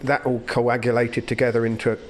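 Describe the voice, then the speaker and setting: A man hosting a podcast, thanking a sponsor and analysing a race in a measured way with restarts. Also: mid-range voice, level tone, a little hiss or hum. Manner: measured, thinks aloud with restarts. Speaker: podcast host. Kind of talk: casual chat, race analysis.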